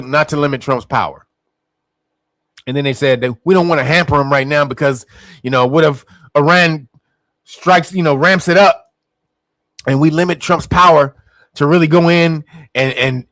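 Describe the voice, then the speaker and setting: High-voiced man in profane, mocking commentary. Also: animated, moderate pace, long pauses, fairly bright tone, dry recording. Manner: profane, mocking, laughs often, acts out voices. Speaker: commentary host. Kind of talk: casual political commentary.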